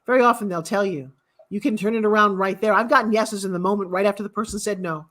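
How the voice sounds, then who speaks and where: Fast and fairly bright in tone, a mid-range female voice belongs to a guest author in her sixties. Her motivational storytelling relies on emphatic, repetitive wording.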